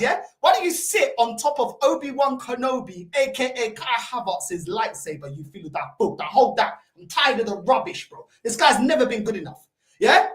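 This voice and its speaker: A London woman rants at full steam on her fan stream, her high voice swinging wildly up and down as she shouts and swears. Portuguese curses slip into her English. The sound bounces around a roomy space. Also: sing-song, a little fast. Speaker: football fan channel host. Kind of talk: ranting live-stream reaction. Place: room at home by a computer. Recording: roomy echo.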